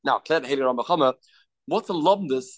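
A man's voice: medium pitch, animated, fast talker. Man teaching a Talmud lesson. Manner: explains step by step, asking questions and answering them; mixes English with Hebrew and Aramaic terms. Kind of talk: daily Talmud class.

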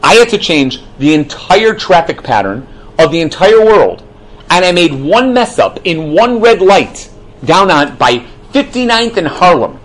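A man's voice: high-pitched, very animated, measured pace, fairly bright tone, exaggerated voice, poor audio. A man voicing God as a patient, wry, all-powerful male figure who explains things matter-of-factly. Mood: patiently explaining.

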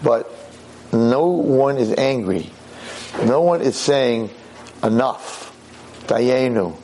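A man giving a Torah lecture as a rabbi, impassioned, dropping low and grave then rising into sharp outbursts. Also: animated, drawn-out words, slight background noise.

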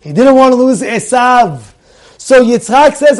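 An extremely high-pitched, unhurried middle-aged man gives an animated Torah lesson. He keeps asking his listeners questions, uses Hebrew terms, and repeats phrases for emphasis.

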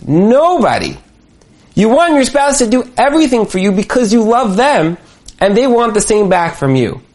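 Animated man teaching a Torah class. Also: high voice. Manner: lively, acts out imagined dialogue.

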